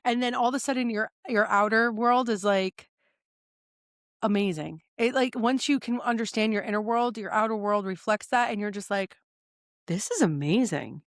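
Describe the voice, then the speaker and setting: Woman host, fairly high voice, animated and blunt, casual podcast delivery, dry close mic. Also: moderate pace, no room sound. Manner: animated, swearing, acts out quoted dialogue. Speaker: host, shadow work coach.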